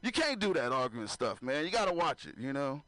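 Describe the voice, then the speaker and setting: A dry recording of a medium-pitched, brisk voice with big pitch swings, pushed and bright. The man is doing stand-up at a comedy club before a live audience, chatting loosely with the crowd, chuckling at his own jokes and asking again and again for applause.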